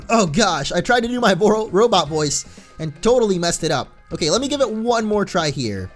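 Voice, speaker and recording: A man hosting a let's play, giving casual gameplay commentary in a chatty, excitable way and laughing often. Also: sits high, moderate pace, faint music behind.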